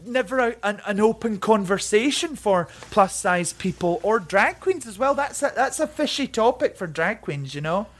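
A lively young man talks openly as an interview guest, his chatty delivery tripping over repeated words as he rushes ahead. He keeps slipping into quick mimicking voices to act out other people's lines. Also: high voice. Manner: animated and chatty, often stammering on repeated words. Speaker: interview guest, drag performer. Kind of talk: candid conversational interview.

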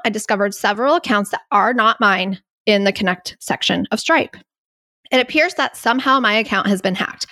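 A woman's voice: mid-range voice, fairly bright tone, no echo, studio quality. A woman hosting a podcast, telling a story in an anxious, incredulous way and laughing at herself now and then. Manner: anxious, incredulous retelling with self-mocking laughs. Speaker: podcast host. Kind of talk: candid storytelling monologue.

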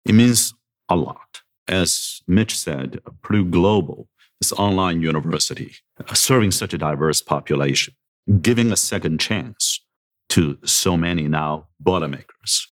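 A middle-aged man with an extremely low, deep voice speaks as a university president in a podcast interview. He is good-humored and self-deprecating, slipping chuckles between his remarks, and talks into a podcast microphone. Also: animated, unhurried.

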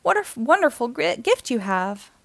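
A woman's voice: high voice, sing-song, normal speed, gravelly, no echo, exaggerated voice. A woman voicing a proud, cheerful male beetle artist who boasts enthusiastically about his work in a storybook reading. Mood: earnest.

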